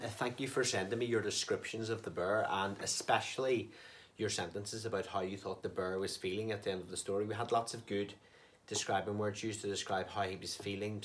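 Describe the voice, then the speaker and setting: A man teaching a recorded online lesson to young children, patient and sing-song, with questions that rise at the end. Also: fairly low pitch. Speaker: primary school teacher.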